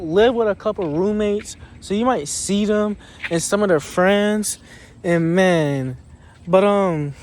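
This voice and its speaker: A young man with a squeaky voice chatting casually in a vlog, rambling with restarts, recorded on a phone outdoors. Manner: rambling, restarts, drawn-out pauses. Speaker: vlogger.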